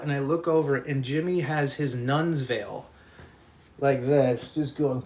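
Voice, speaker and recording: A man's voice: a little high, moderate pace, noisy background. A man telling a rowdy anecdote in casual talk, laughing often and swearing freely.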